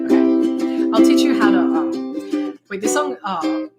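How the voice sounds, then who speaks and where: A woman's voice: mid-range voice, lively intonation, a little slow, long pauses, loud music behind the voice. Rambling woman teaching ukulele. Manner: rambling, with many fillers and restarts. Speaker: ukulele tutor. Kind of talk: casual music tutorial. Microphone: ukulele played alongside.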